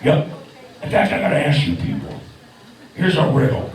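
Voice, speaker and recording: A man's voice: fairly high pitch, wildly swooping pitch, normal speed, voice pushed down. A man voicing a crude, randy male bird puppet in a ventriloquist act, bawdy and wisecracking. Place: bar stage. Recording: echoey bar, distant mic, crowd.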